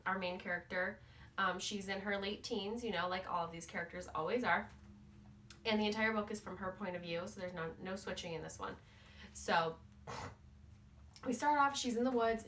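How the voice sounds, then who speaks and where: A woman vlogger chats through a book recap in a loose, joking way, with "like" in nearly every sentence. She sits back from the microphone, so her mid-pitched voice sounds a little distant, with a faint hiss behind it. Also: a bit bright. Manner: chatty, playful, says "like" constantly. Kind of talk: casual spoiler book recap. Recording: voice somewhat far from the mic.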